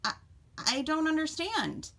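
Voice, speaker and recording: A woman's voice: high voice, very animated, unhurried, gravelly, a bit bright, pitched above the performer's own voice, full character voice. A woman voicing a curious, worried young fawn in a storybook, asking questions hesitantly. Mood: puzzled.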